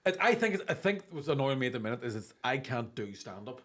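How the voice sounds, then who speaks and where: A man, a comedian hosting a podcast, telling stories in casual banter, animated and full of swearing. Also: mid-range voice, fast talker.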